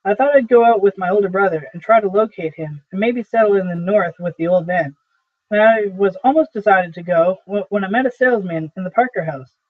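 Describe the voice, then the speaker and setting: A man's voice: high-pitched, fairly quick. A man reading the part of an aging, weary male traveling salesman who pleads and rambles through his stories. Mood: earnest, nostalgic. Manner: earnest, rambling storytelling. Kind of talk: amateur play reading. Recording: tinny phone-like audio.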